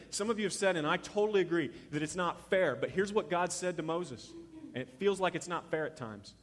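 A man preaching a sermon as pastor, telling the story in an animated way and acting out the voices he quotes. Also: high-pitched, a little fast, long reverb tail.

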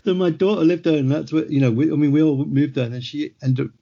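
A man's voice: fairly high pitch, fairly even intonation, fast talker, creaky, warm tone. A middle-aged man, a guest author, telling rambling anecdotes in casual conversation, laughing as he goes, on muffled lo-fi audio. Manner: rambling anecdotal storyteller, laughs mid-sentence.

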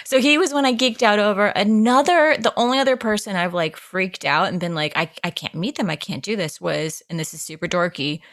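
A woman hosting a casual podcast, telling animated stories and acting out quotes, talking like a makeup artist chatting with a friend. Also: medium pitch, a little fast, few pauses, no room sound. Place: Los Angeles.

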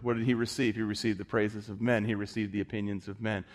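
A man's voice: on the low side, fairly quick, hardly any pauses. A man preaching an impassioned sermon, pressing his points with repeated phrases.

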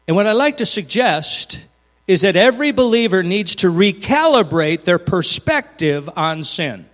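A man preaching a sermon as pastor, earnest, moving from loud emphasis to hushed, intimate lines. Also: on the high side, sing-song, normal speed, in a large hall.

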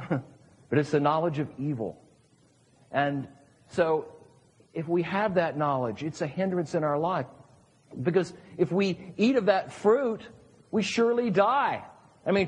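A man's voice: sits high, breathy edge. A male pastor giving a sermon at a church service in a conversational way, asking his listeners questions. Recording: long reverb of a large hall.

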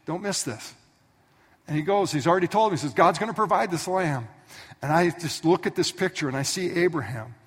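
A man's voice: fairly high pitch, lively intonation, fairly quick, breathy edge. A man preaching a sermon who tells the story vividly and speaks directly to the congregation. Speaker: pastor. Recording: echoey hall from some distance.

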